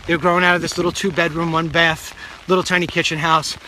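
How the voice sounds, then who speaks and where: A man's voice: fairly high pitch, little pitch movement, fast, pushed and bright, slight background noise, rough recording. A middle-aged man hosting a live talk, telling a long story in a chatty, digressive, self-deprecating way into a phone. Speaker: talk show host.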